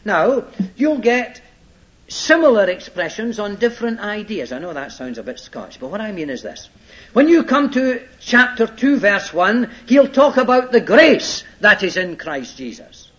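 A man's voice: sits high, sing-song, a little slow, a bit bright. A man teaching a Bible sermon, emphatic, repeating his points and checking that listeners follow. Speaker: preacher. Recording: dull lo-fi old sermon tape.

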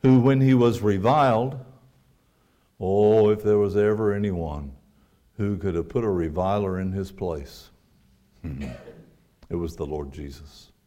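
Low, mellow-voiced male preacher. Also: slow pace, pauses often, lo-fi sound. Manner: earnest preaching, rhetorical questions, quoting scripture. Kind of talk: sermon.

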